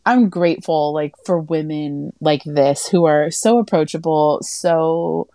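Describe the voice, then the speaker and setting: In a casual podcast chat, this female co-host plays the storyteller, voicing other people's quotes with big, animated jumps in pitch. She speaks a little slowly, and the studio sound is clean with no room sound.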